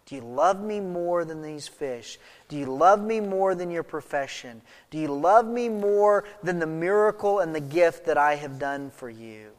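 A man acting out a gentle, probing male teacher who speaks low and hushed. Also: expressive, unhurried, hardly any pauses, big-room sound. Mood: tender.

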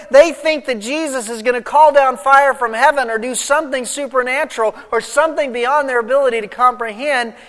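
A man's voice: extremely high pitch, fairly bright tone, long reverb tail. A man preaching an expository sermon, retelling the story vividly and putting rhetorical questions to his listeners. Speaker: pastor.

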